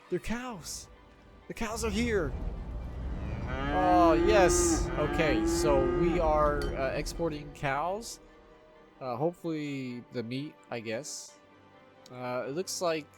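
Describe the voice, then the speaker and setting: A man casually commentating his own city-building game, excitable, swearing freely and laughing often. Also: fairly high pitch. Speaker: gameplay video host. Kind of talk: casual let's-play commentary.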